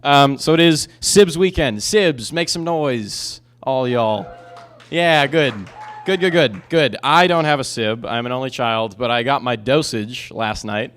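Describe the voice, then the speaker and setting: A man's voice: mid-range voice, a little slow, a bit bright, smooth. A man in his twenties doing a stand-up comedy set, telling a rambling story with lots of restarts and asides. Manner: rambling, self-interrupting storytelling.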